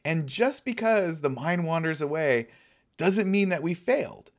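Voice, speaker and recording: Relaxed man giving a Dharma talk. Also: a little high, a little slow. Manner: relaxed, conversational, laughs often. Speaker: Dharma teacher.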